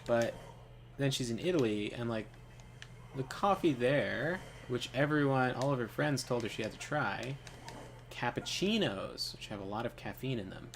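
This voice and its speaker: A man's voice: medium pitch, animated, normal speed, a little hiss or hum. Rambling man telling stories while gaming. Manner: rambling, many fillers, laughs often. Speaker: gaming channel host. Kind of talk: casual storytelling while playing a game.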